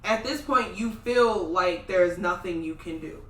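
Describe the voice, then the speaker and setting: A woman's voice: lowish voice, unhurried, a bit bright. A young woman from Minnesota co-hosting a casual podcast, blunt and impassioned, swearing freely. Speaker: podcast co-host. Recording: echoey room, mic at a distance.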